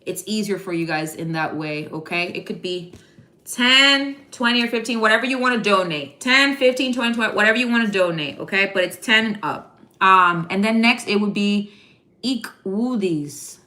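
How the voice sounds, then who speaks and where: A woman's voice: mid-range voice, fairly quick, pushed and bright. A woman giving a casual live tarot reading, chatty and slangy, speaking straight to her viewers by name. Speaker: tarot card reader. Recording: echoey room.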